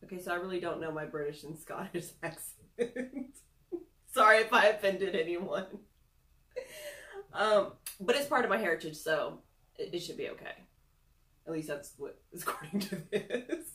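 A woman's voice: on the low side, expressive, moderate pace, long pauses, bright, forceful tone. Chatty young woman in a roomy space. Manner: chatty, self-deprecating, giggly asides. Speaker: product reviewer. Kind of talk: casual screen-recorded review.

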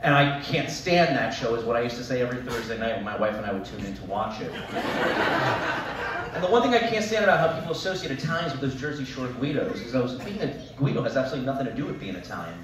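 Thirties male stand-up comic with animated, exaggerated storytelling. Recorded at a distance in a reverberant venue, with faint ambience behind him. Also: mid-range voice, fast talker, noisy background. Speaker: stand-up comedian. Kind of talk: stand-up comedy set. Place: talent show stage at a winery. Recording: echoey hall, mic from a distance.

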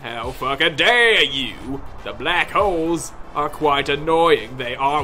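A man commentating his own gameplay, yelling and cursing at the game in frustration, with mock-pompous outbursts. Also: fairly high pitch, lively intonation, slow pace, few pauses, faint music behind.

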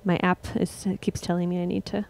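A young woman musician casually chatting with her livestream viewers between songs, relaxed and rambling. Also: fairly low pitch, a little fast, gravelly. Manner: relaxed, rambling, laughs at herself.

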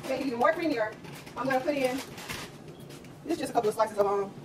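A woman's voice: high-pitched, fast talker. A woman hosting a casual home cooking vlog, chatty and joking, laughing at her own jokes. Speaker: cooking show host. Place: home kitchen. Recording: distant mic with steady background noise.

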